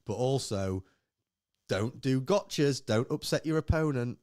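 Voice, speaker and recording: A man's voice: medium pitch, a little slow, clear, resonant tone, no room sound, studio quality. A man co-hosting a podcast, chatting casually while drinking beer, rambling and acting out quoted remarks. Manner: rambling, animated storytelling with acted-out quotes. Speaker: podcast co-host. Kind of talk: casual chat.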